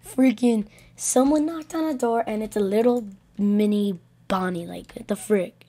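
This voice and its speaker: A woman voicing a roleplay over a game, stammering and breaking into frantic yelling bursts. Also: medium pitch, unhurried. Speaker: gameplay roleplayer. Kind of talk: voiced roleplay over gameplay.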